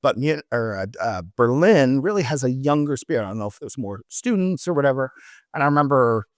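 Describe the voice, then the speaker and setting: A man's voice: mid-range voice, expressive, fairly quick, no room sound, clean studio sound. A middle-aged man on a travel podcast, telling rambling anecdotes in casual chat with many restarts.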